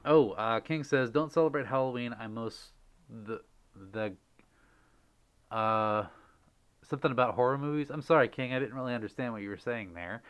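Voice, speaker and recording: A man hosting a casual livestream, reading out viewer messages and gushing with giggly, excitable thanks. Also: mid-range voice, normal speed, clean tone, lo-fi sound. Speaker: livestream host.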